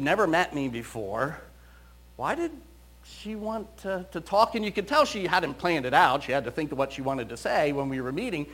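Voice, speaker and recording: An animated male storyteller with a fairly high voice that swings up and down. He recounts moments from his counseling practice and slips into the voices of the people in his stories. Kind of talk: storytelling talk.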